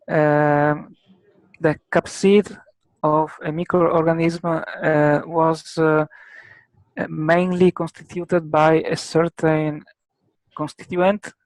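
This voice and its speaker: A man with an Italian accent, speaking English as a second language, works through a technical explanation at a very slow, careful pace. His voice sits a little high, and he stops often on filler sounds to find the next word. The sound is dry and close. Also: vocal fry, dry recording, rough recording. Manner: halting, many filler pauses. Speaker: guest expert.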